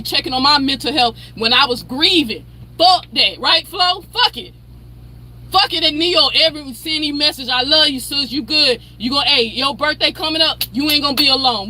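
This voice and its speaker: A woman's voice: sits high, brisk, bright, forceful tone. A woman, hosting a channel and ranting in a heated, profane, confrontational way, calling people out by name. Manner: profane, confrontational, repeats a name to call someone out. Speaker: commentary channel host. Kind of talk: heated personal rant.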